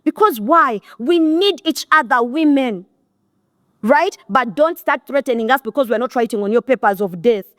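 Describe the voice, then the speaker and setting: A woman's voice: sits high, dry recording, studio quality. A middle-aged woman with a Ugandan accent gives a blunt, scolding motivational talk to an audience. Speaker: motivational speaker.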